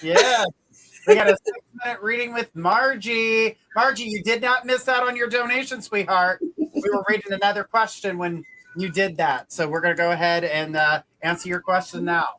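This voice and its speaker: A man's voice: high-pitched, normal speed, bright, forceful tone, low-quality recording. A man hosting a live stream, upbeat and talking straight to the viewers. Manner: upbeat, addresses viewers directly. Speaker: host.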